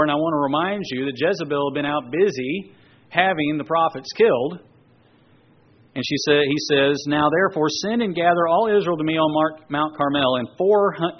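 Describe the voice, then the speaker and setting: A man's voice: a little high, husky, dull audio. A man preaching a sermon, reading scripture aloud and then breaking off into conversational asides to explain it. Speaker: pastor.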